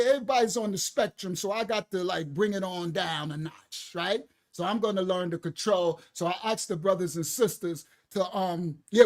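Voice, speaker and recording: Fired-up preaching man, loud slang. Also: high voice. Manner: animated, loud, slangy and laughing. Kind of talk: fiery preaching rant.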